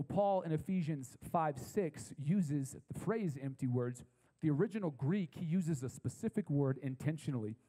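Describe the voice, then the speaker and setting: Mellow, slightly high-voiced pastor preaching. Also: male voice, long reverb tail, low-quality recording. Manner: conversational, repeats key phrases slowly for emphasis. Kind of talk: sermon to a young adult congregation. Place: church service with a live audience.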